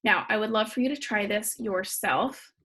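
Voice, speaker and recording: Female teacher, mid-pitched and a bit husky, patient step-by-step slideshow narration. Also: moderate pace, sharp tone. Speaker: Spanish teacher. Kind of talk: recorded slideshow lesson.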